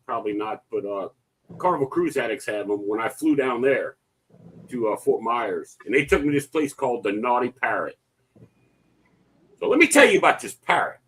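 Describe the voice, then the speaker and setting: A man's voice: mid-range voice, breathy edge, poor audio. A man telling a story in casual chat, acting out the lines he quotes. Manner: animated storyteller, acts out quotes.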